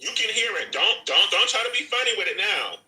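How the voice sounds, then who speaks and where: A man's voice: high voice, sing-song, brisk, pushed and bright, roomy sound, poor audio. A man hosting a live audio chat room, ranting in a profane, repetitive way. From Jamaica. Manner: profane, repetitive, talks over himself. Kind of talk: animated rant.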